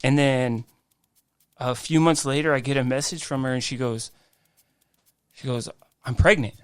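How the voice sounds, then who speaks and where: A man, a guest on a faith podcast, telling his life story in an animated way, acting out quoted dialogue. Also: medium pitch, normal speed, clean tone, dry recording, studio quality. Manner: frequent restarts and "I'm like" quoting.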